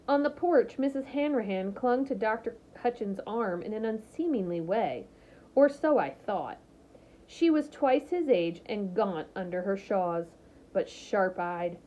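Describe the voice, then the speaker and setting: A woman's voice: mid-range voice, animated, measured pace, dark tone. A woman reading a novel aloud, narrating steadily and expressively. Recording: slightly muffled lo-fi recording.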